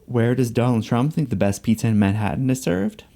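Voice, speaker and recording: A man's voice: medium pitch, animated, fairly quick, creaky, dark tone. A man reading a novel passage aloud, voicing a smug, petty male yuppie coworker who needles and gloats.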